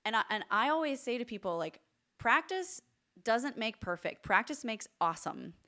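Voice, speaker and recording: A woman's voice: on the high side, very animated, moderate pace, pushed and bright. A woman hosting an interview podcast, talking with emphatic enthusiasm and praise for her guest. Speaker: podcast host. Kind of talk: interview conversation.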